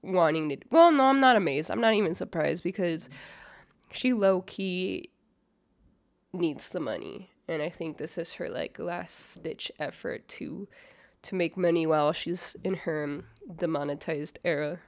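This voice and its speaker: Young woman kinda stuffy nasal, slow gossipy reaction talk, dry close mic. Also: lowish voice, darkish tone, no room sound. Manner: chatty, judgmental, lots of fillers and swearing. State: sick, slightly nasal. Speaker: reaction video host. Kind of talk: casual commentary.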